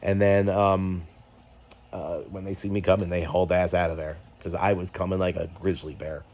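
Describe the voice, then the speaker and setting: A man's voice: low-pitched, flat delivery, normal speed, a little mellow. A middle-aged man hosting his own vlog, venting candidly and agitated, swearing and stumbling over fillers. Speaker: YouTube host. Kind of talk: candid personal vlog rant.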